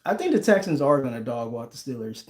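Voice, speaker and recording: A man's voice: mid-range voice, big pitch swings, quick pace. A man in his forties hosting a casual livestream, bantering with his chat and laughing often. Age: 40s. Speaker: livestream host. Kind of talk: casual livestream chat, reading viewer comments. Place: home room with a team flag behind. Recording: echoey room.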